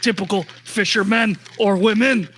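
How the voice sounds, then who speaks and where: A man's voice: sits high, fairly even intonation, moderate pace, fairly bright tone, a little hiss or hum. A man voicing a rugged male half-orc shopkeeper in a tabletop game, speaking in a stiff, oddly formal and well-spoken way. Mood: formal, prim. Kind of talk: tabletop role-play character voice.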